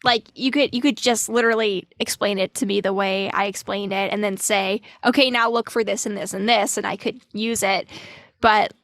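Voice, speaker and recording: A woman with a slight northern US accent hosting a casual podcast, playful and quick with short replies. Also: medium pitch, fairly even intonation, a bit bright, no echo, studio quality. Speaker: podcast host.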